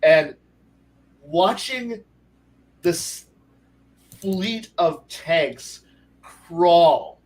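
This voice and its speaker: A man co-hosting a casual stream chat, rambling excitedly and swearing a lot. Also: on the high side, very slow, pauses often, recorded from a distance, poor audio. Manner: rambling, profane, animated. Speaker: podcast co-host.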